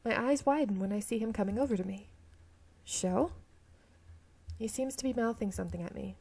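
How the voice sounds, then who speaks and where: A woman reading a romance game's narration aloud, with a touch of vocal fry in a mid-range voice. She stumbles on words and corrects herself with casual asides. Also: mid-range voice, normal speed, darkish tone. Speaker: game streamer reading aloud.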